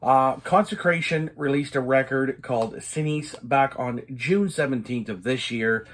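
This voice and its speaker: A man's voice: medium pitch, unhurried, fairly bright tone. A man casually reviewing a death doom record on a vlog, swearing constantly and slipping into rants, with many ums and uhs. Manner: profane and ranting, many fillers.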